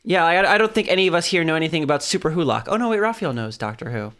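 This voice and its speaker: A woman's voice: lowish voice, expressive, very fast, fairly bright tone. A woman hosting a podcast in casual chat, reading listener letters aloud and laughing often.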